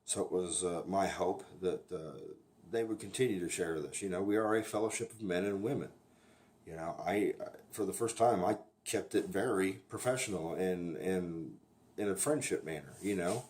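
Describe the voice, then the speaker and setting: Guy with a real low voice, talks in fits and starts about recovery, blunt, lots of "you know". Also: a little mellow. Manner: halting, with frequent restarts and "you know" fillers; blunt and plainspoken. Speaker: recovery sponsor sharing his experience. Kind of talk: candid informal talk to camera.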